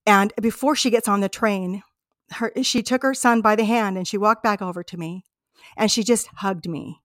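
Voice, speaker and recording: A woman's voice: medium pitch, normal speed, a bit bright, dry recording. Earnest woman, dry close sound. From United States. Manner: earnest, heartfelt, reflective. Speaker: podcast host. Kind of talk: personal storytelling monologue.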